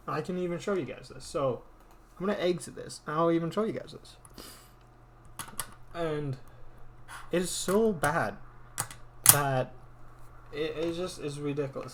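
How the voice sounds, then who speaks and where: A man's voice: fairly high pitch, a little hiss or hum. A man ranting angrily about a game while showing his screen, swearing often and repeating himself for emphasis. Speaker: gamer. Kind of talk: angry ranting commentary over a game screen.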